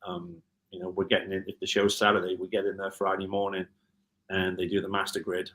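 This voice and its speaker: A man from Liverpool with a Scouse accent softened by American, a guitar tech chatting in an interview and telling stories with many ums and restarts. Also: low voice, completely flat delivery, brisk. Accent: Liverpool (Scouse), with some American mixed in. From Liverpool, England. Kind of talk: casual interview chat.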